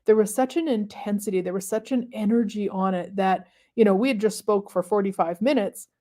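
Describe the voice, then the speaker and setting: A woman hosting a live stream, talking casually and reflectively to viewers with many pauses and fillers. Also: mid-range voice, dark tone. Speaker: host of a manifestation livestream.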